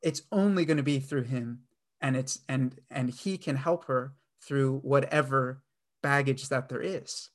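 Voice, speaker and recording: A man's voice: mid-range voice, unhurried. Earnest man preaching a sermon. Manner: earnest, with frequent fillers and restarts. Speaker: pastor.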